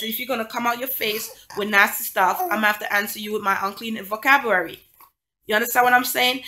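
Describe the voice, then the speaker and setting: A woman's voice: on the high side, sharp tone. A woman vlogging about a conflict, indignant and emphatic, pressing home her point with repeated rhetorical questions. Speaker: single mom vlogger. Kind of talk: indignant storytime vlog.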